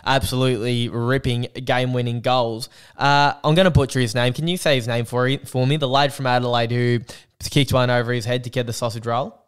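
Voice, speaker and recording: A man with an Australian accent and a lisp, hosting a casual sports podcast with blunt, animated opinions. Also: mid-range voice, fairly quick, smooth. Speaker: podcast host.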